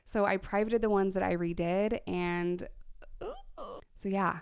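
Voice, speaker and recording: A woman's voice: mid-range voice, fairly even intonation, measured pace, darkish tone, smooth, no echo, clean studio sound. A woman in long-term recovery, chatting casually as she reacts to her own old videos, laughing often and sometimes dropping to a whisper. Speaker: YouTuber in recovery.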